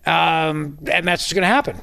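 A man's voice: on the high side, fairly even intonation, moderate pace, creaky, pushed and bright, clean tone, dry recording. A man hosting a talk radio show, joking sarcastically and sounding incredulous in casual studio banter. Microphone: studio microphone.

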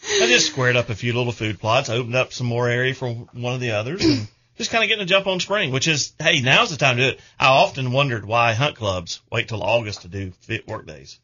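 A man's voice: medium pitch, fairly quick, pushed and bright, muffled recording. A middle-aged man, hosting a radio show in casual, rambling chat.

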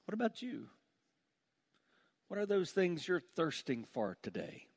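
A man preaching a sermon with passion, dropping to a hushed voice on heavy points. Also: sits high, big pitch swings, unhurried, gravelly, slightly rough. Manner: impassioned, drops to a hush on heavy points. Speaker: pastor.

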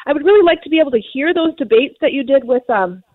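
A woman caller with a high voice asks her questions haltingly, filling pauses with ums. She comes through a tinny phone line that sounds dry and close. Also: animated, dry recording. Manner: hesitant, full of ums.

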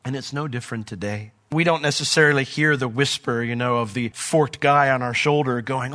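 A man's voice: medium pitch, a little fast, hardly any pauses, sharp tone. A man preaching a conversational sermon as pastor of a church, reading scripture and acting out short quoted voices.

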